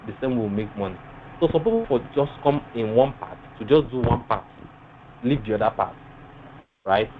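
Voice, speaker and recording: A man teaching a live webinar, often pausing to ask his class rhetorical fill-in questions. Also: medium pitch. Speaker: webinar instructor. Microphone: online call mic. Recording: tinny phone-like line with faint noise.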